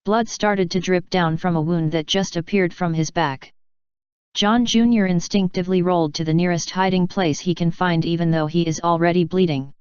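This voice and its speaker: A woman narrating an audiobook in an even, steady reading, on a dull lo-fi recording. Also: lowish voice, normal speed, clear, resonant tone, no echo.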